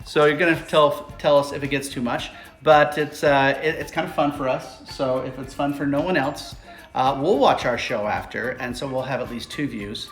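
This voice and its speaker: A man co-hosts a podcast in casual chat, rambling and joking with lots of "uh" fillers. His voice is medium-pitched with fairly even intonation and a moderate pace. It's recorded in an echoey room with faint music.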